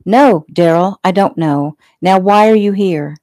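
A woman voicing a sharp, indignant nurse. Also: on the low side, a little slow, dry recording, studio quality, natural voice. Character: spirited, no-nonsense woman, a private nurse.

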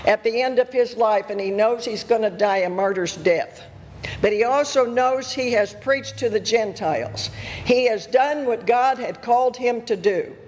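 A woman's voice: a little high, a little mellow. An older woman giving a sermon as a guest speaker, telling stories earnestly and emphatically with chuckling asides. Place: church. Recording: reverberant church hall.

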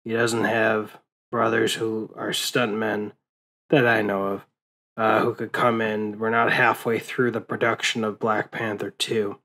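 Slow, weary man rambling through grief. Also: lowish voice, little pitch movement, pushed and bright, low-quality recording. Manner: profane, grieving, rambling with many fillers. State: tired, late at night. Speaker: movie vlogger. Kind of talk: casual rambling monologue.

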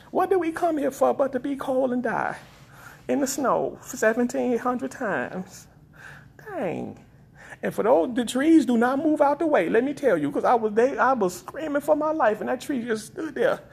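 A man ranting for laughs on a live stream, complaining dramatically and repeating a flat "nope.". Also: moderate pace, creaky, husky. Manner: exaggerated, dramatic complaining with big pitch swings. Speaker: comedic vlogger. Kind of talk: comedic rant on a live stream.

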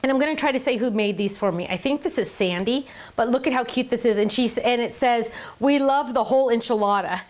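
A woman's voice: fairly high pitch, quick pace. A middle-aged woman hosting a casual live stream, chatty and gushing, often laughing and talking aside to the person behind the camera. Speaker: live stream host showing handmade cards.

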